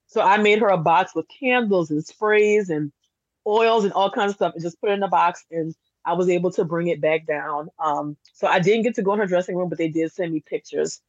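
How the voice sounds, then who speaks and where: A woman's voice: on the low side, moderate pace, no echo. Chatty woman telling a story, dull dry recording. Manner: animated, chatty storyteller with many fillers. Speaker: candle business owner, podcast guest. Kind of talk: casual podcast interview storytelling.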